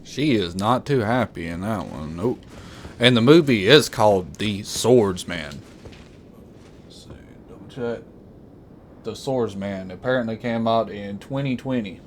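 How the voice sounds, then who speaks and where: A man's voice: on the low side, animated, a little slow, slight background noise. A man giving casual live commentary while playing a video game, rambling emotionally and repeating himself. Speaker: gameplay commentator.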